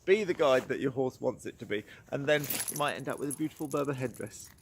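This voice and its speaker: A man's voice: medium pitch, quick pace, gravelly, slight background noise. A man telling a horse-training story in a casual, chatty way, laughing often and acting out quotes.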